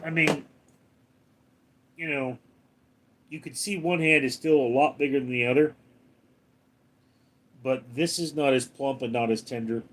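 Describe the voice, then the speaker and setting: A man's voice: mid-range voice, fairly even intonation, measured pace, long pauses, a bit bright. A man hosting a casual live stream, reading out viewer names and comments and answering them briefly. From Los Angeles, California. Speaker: livestream host reading chat.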